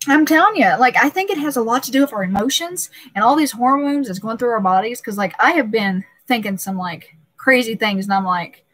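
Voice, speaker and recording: A woman's voice: a little high, expressive, brisk, few pauses, fairly bright tone, dry recording, poor audio. A young pregnant woman hosting a casual live stream, talking emotionally and laughing often, with many restarts.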